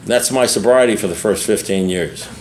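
A man's voice: fairly low pitch, normal speed, crowd noise. An older man speaking candidly to a recovery meeting, blunt and profane, repeating himself and often checking in with his listeners. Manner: blunt, repetitive and profane, with frequent asides to the listeners. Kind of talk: candid personal talk to an audience.

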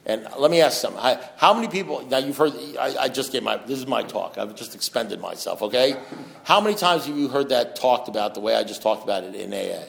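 A middle-aged man giving a blunt, preachy talk at a recovery meeting, swinging from loud urging to low, quiet passages. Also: lively intonation, quick pace, gravelly. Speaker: AA speaker.

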